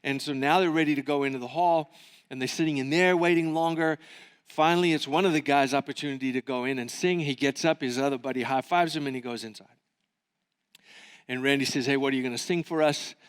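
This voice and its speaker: A man preaching at a marriage conference, telling a story and acting out the people in it with lively voices. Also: mid-range voice, fairly quick, smooth, big-room sound. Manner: animated, acting out quoted voices. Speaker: pastor. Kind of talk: sermon storytelling. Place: church hall.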